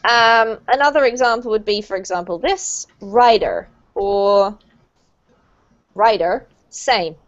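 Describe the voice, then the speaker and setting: A woman with a British accent teaching English pronunciation in an online group lesson, clear, patient and encouraging. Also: on the high side, moderate pace, hardly any pauses, fairly bright tone. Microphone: video call. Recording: lo-fi online call audio.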